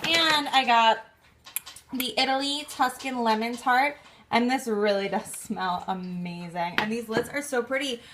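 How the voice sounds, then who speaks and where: A woman's voice: fairly high pitch, background noise. A young woman vlogging in a casual, chatty way, saying "like" constantly and laughing through her frustration. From New York. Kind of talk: casual vlog chat.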